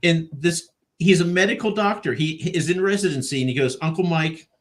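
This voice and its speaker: A man's voice: on the high side, a little fast, a little hiss or hum. A middle-aged man hosting a casual video-call interview, telling stories in a dry, rambling way. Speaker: podcast host.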